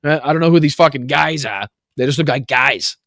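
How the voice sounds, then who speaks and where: A man's voice: a little high, a little fast, gravelly, fairly bright tone, no echo, clean studio sound. A male political talk show host ranting angrily and mockingly, swearing constantly. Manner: angry, heavy swearing, mocking. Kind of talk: profane political rant.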